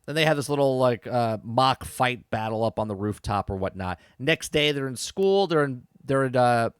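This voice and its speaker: A man's voice: mid-range voice, lively intonation, normal speed, clean tone, dry recording, studio quality. A man, a parent, casually recapping and reviewing a TV episode, chatty, repeating himself and tossing in "okay?" and "right?" as he goes. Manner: chatty, repeats words and restarts, frequent "okay?" and "right?" asides. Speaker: podcast host reviewing a TV episode.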